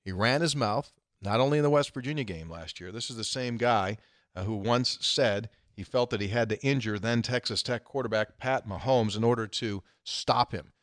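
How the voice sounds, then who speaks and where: A man hosting a casual sports chat, telling stories in an animated way and chuckling as he mimics the people he quotes. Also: moderate pace, no echo, clean studio sound. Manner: animated, acts out quoted voices with big jumps in pitch; chuckles often while telling a story. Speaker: podcast host.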